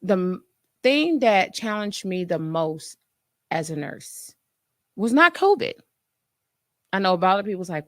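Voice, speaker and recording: A woman nurse hosting her own show, chatting to listeners in a lively way and acting out her own past reactions. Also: lowish voice, moderate pace, pauses often, no room sound, clean studio sound. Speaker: nurse and podcast host. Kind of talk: casual storytelling to listeners.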